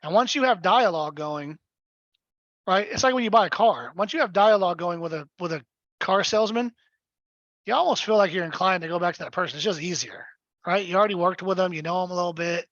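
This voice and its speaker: A man's voice: high-pitched, a little fast, fairly bright tone, no echo, dull audio. A man coaching real estate agents in a live webinar, blunt and emphatic, often checking in with his listeners. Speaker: real estate sales trainer.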